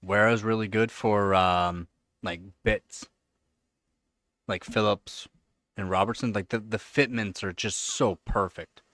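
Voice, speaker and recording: A man hosting a casual live stream, answering chat questions and cooing at his pet in a high sing-song voice between relaxed remarks. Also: slow pace, no echo. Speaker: livestream host. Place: home computer setup.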